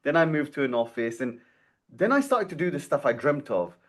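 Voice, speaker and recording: A man's voice: a little high, a little fast. A man in his forties, a podcast guest, tells his career story and acts out the dialogue in it. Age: 40s. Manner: animated storyteller who acts out quoted dialogue. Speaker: guest, dental marketing founder. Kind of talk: storytelling interview.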